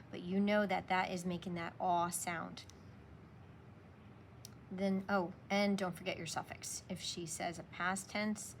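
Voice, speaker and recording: A woman teacher giving a slow, patient spelling lesson, sounding out words for young students. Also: fairly low pitch, slight background noise.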